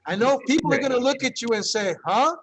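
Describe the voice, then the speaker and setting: A man's voice: extremely high pitch, quick pace, low-quality recording. A man teaching a Spanish class, encouraging students and drilling pronunciation through repetition. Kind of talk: classroom language lesson.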